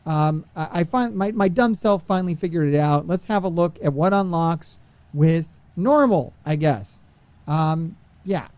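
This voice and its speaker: Exasperated high-voiced gaming streamer man. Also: unhurried, a little mellow, smooth, dry recording. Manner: exasperated, swearing rants. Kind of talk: gameplay commentary.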